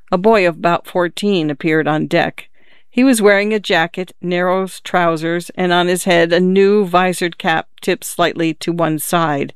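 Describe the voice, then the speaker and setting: Smooth-voiced man reading a story. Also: a little high, dry recording, clean studio sound. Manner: measured, steady storytelling with lightly voiced dialogue. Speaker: narrator. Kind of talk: audiobook reading of classic fiction.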